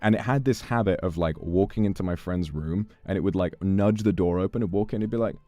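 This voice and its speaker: Speaking a little fast in a low voice, a streamer reads donations aloud and chats casually with viewers. He's playful and animated, swears freely, and keeps close to the microphone.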